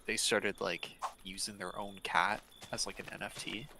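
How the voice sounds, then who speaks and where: A man's voice: fairly low pitch, little pitch movement, normal speed, vocal fry, sharp tone, slight background noise, rough recording. A man chatting casually while streaming a game, rambling and easygoing with lots of fillers. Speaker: gaming streamer. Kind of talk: casual chat while gaming.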